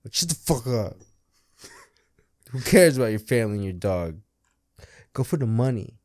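A man's voice: medium pitch, sing-song, normal speed, darkish tone, no room sound, studio quality. Teasing young man, laughing co-host. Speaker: podcast co-host. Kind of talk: casual chat.

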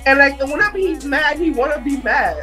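High-voiced woman chatting animatedly. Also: brisk, soft background music. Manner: animated, playful storyteller acting out quotes. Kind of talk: casual chat.

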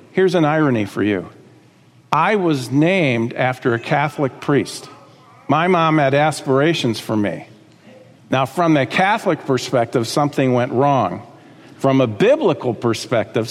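A man's voice: mid-range voice, animated, measured pace, long reverb tail. A man preaching a sermon as pastor, talking conversationally with asides and checking in with the congregation.

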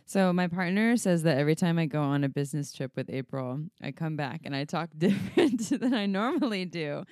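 A woman's voice: low-pitched, animated, fairly quick, darkish tone, no echo, studio quality. A woman co-hosting a podcast, chatting frankly and playfully and laughing often. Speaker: podcast co-host, sex educator. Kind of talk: casual podcast chat.

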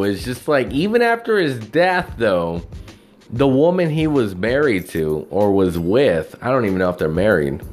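Guy rambling slow to the camera, cussing a lot, middle voice, quiet music under it. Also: medium pitch. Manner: profane, meandering, full of fillers. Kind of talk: casual rambling monologue.

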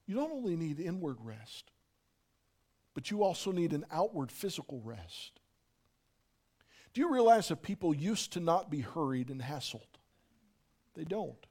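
A man preaching a sermon, dropping to a near hush and then rising to shouts. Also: a little high, very animated, unhurried, pauses often. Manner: swings from soft hush to shouting. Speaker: pastor.

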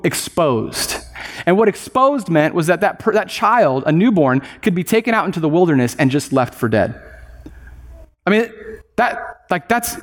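A man preaching a sermon in an earnest, emphatic way, slowing down to stress key words. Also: high voice, long reverb tail.

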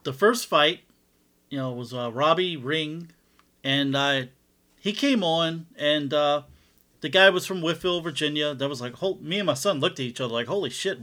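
Middle-aged man, podcast co-host, laid-back stories, bright edgy voice, slightly high. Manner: laid-back storytelling, chuckling. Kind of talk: casual MMA chat.

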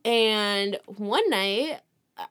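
A young woman telling a ghost story in casual chat, animated, slangy and laughing often. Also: medium pitch, drawn-out words, clean tone.

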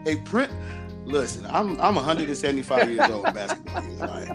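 Animated laughing man in his forties. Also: a little high, a little fast, music in the background. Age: 40s. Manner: animated storyteller, laughs often. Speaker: host and basketball coach. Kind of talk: casual podcast chat.

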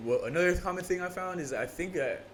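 A young adult man in casual chat, talking quickly in slang and turning animated when he mocks small talk. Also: sits high, slight background noise.

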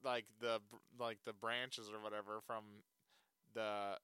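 A man's voice: lowish voice, flat delivery, measured pace, sharp tone, clear, resonant tone. A man chatting casually about a movie, loose and full of fillers, often laughing. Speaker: movie reviewer. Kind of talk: casual chat.

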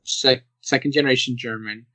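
A young man hosting a casual podcast chat, animated and laughing, acting out the people he quotes. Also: medium pitch, a little fast, no echo, low-quality recording. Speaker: podcast host.

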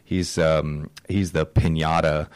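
Man, very deep voice, casual podcast co-host, rambling, filler words, dry studio mic. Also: level tone, takes it slowly, clear, resonant tone, no echo. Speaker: co-host and author.

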